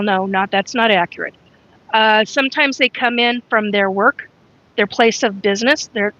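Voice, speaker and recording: A woman hosts a casual live stream, talking in a rambling, frank way and stopping to greet viewers by name. Her voice sits a little high and sounds bright and sharp. The recording is dry and somewhat dull, with a lo-fi edge. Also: dry recording. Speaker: livestream host.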